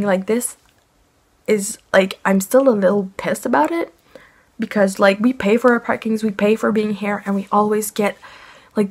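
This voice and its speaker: A woman's voice: medium pitch, husky. A young woman from Quebec telling an annoyed storytime vlog, rambling with many fillers. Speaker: family vlogger.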